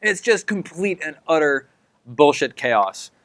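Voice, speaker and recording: A man's voice: on the high side, very animated, a little slow, fairly bright tone, dry recording. A man narrating as dungeon master in a tabletop game, talking casually with many fillers.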